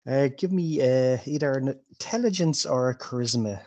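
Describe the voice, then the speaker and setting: A man leads a tabletop game as game master, describing scenes in a relaxed, jokey manner. His voice sits at an ordinary middle pitch. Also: moderate pace.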